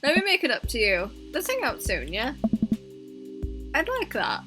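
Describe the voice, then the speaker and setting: Animated woman streamer reading game dialogue. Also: high-pitched, normal speed, pauses often, poor audio. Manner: animated, laughs often, gushes emotionally. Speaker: streamer playing a dating game. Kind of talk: reading game dialogue aloud with live reactions. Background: game music.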